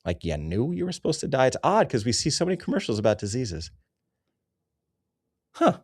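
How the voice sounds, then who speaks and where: A man's voice: medium pitch, big pitch swings, fairly quick, breathy edge, no room sound. A man ranting in a sarcastic, rambling comedy commentary, cursing often.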